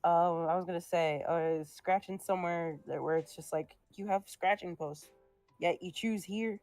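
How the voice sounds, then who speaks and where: While drawing on stream, a young artist talks casually and sing-songs to her cat, slightly short of breath as she recovers. She has a lowish, darkish voice with fairly even intonation at a normal speed, recorded dry over soft background music.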